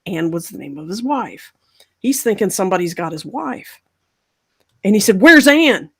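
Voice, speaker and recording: A woman podcast host in casual storytelling, animated and acting out the voices of the people she describes. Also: medium pitch, moderate pace, slightly rough.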